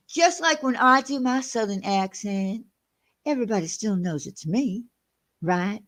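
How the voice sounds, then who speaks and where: A woman hosting a channel in a casual livestream chat. She talks in an animated, indignant, gossipy way. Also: fairly high pitch, a little slow. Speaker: channel host.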